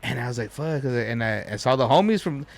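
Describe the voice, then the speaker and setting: A man's voice: mid-range voice, expressive, a little fast, no room sound, faint music behind. A man telling a story as a podcast guest, rambling and swearing, with Spanish words dropped in. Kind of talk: casual storytelling.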